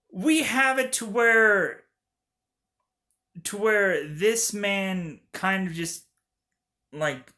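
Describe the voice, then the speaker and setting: Slow, rambling male film reviewer. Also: on the high side, pushed and bright. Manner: rambling, many fillers, laughs often. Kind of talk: casual movie review.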